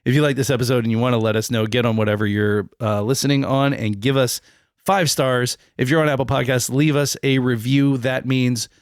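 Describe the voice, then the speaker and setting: A man's voice: medium pitch, steady tone, brisk, smooth, dry recording, clean studio sound. A man co-hosting a podcast, rambling loosely and joking through the outro. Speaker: podcast co-host.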